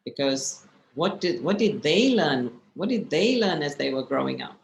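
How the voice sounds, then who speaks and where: A woman's voice: low-pitched, big pitch swings, moderate pace, vocal fry, roomy sound, a little hiss or hum, rough recording. A woman meditation teacher giving a spiritual class, telling stories and asking her listeners rhetorical questions.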